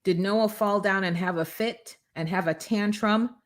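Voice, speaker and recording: Energetic woman hosting a motivational show. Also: medium pitch, unhurried. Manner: energetic, preachy, talks straight to viewers. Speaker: host. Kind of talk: motivational live show chat.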